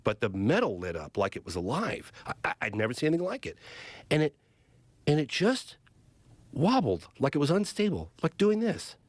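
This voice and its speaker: Man telling a story with lively pitch. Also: moderate pace, no room sound. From Northern California. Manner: vivid, excited retelling with acted-out quotes. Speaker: podcast guest, documentary filmmaker. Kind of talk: animated storytelling in conversation. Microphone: studio podcast mic.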